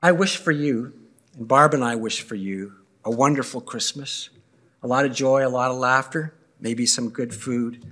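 A man, a pastor, reading scripture and giving a blessing in a measured, earnest way. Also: mid-range voice, fairly bright tone.

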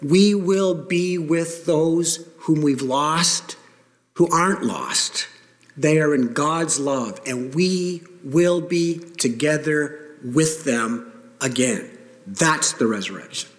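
Man, pastor, earnest sermon, somewhat high voice, reverberant sanctuary. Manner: earnest, emphatic preaching with pauses. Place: church sanctuary. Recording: long reverb of a church hall.

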